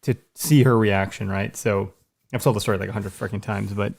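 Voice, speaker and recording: A young man on a live podcast telling his hunting story with excitement, swearing freely and acting out the voices. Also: lowish voice, brisk, gravelly.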